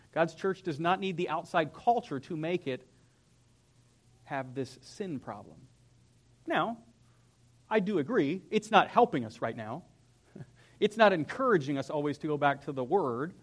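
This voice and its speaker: A young male pastor with a fairly high voice gives a lively, conversational sermon in a church. His delivery swings between quiet, reflective passages and sudden energetic peaks. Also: unhurried, pauses often. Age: young adult. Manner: animated, conversational, acts out whiny voices. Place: church sanctuary.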